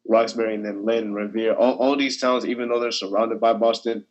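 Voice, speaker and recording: A man's voice: lowish voice, little pitch movement, a little fast, muffled recording. A young man speaking as a student panelist in a casual discussion, hesitant and full of restarts, over a video call. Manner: hesitant, many restarts and fillers.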